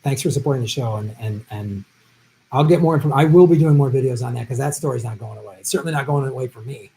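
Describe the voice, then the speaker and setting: A man hosts a casual live stream from home, easygoing and quick to laugh as he answers viewers. His tone is mellow and his voice is tiring after a long session. A faint hum of noise sits behind him. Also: medium pitch, vocal fry, low-quality recording.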